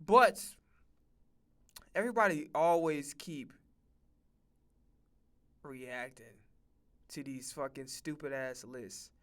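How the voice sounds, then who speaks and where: A man streaming reaction commentary, loud, profane and animated. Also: on the high side, slow, pauses often.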